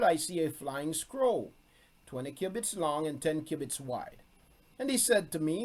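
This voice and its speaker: A man's voice: high voice, darkish tone. A man teaching from scripture to a streamed congregation, reading verses aloud and repeating his key points with emphasis. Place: room, streamed on video call.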